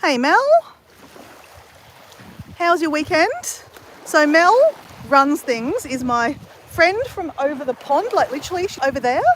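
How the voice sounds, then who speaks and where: Her voice sits high, expressive and a bit bright, at a normal speed, as this Australian livestreamer chats loosely with viewers from the beach. She rambles and fixes her own words, with slight background noise behind her.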